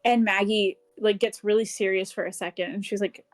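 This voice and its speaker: A woman's voice: medium pitch, fairly even intonation, a little fast. Giggly woman gushing over a book. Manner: giggly, gushing, swears freely. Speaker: book club podcast co-host. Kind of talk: casual chat recapping a novel.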